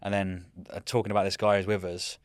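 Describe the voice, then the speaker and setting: A man in his thirties, a military veteran guest, telling rambling, animated stories in casual chat and often saying "mate". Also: low voice, fast, no room sound. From United Kingdom.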